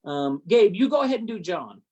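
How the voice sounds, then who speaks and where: Man, panel guest, chatty, jokey, halting, video call. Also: sits high, very animated, dark tone. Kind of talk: casual panel chat.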